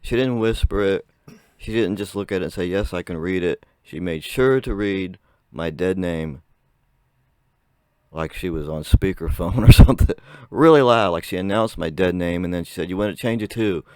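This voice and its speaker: A young man with a very low voice that occasionally cracks chats casually to camera, spinning a long, rambling story and laughing often between sentences. He's a vlogger speaking at a moderate pace, his tone darkish yet clear and resonant. The sound is dry and close with no room around it.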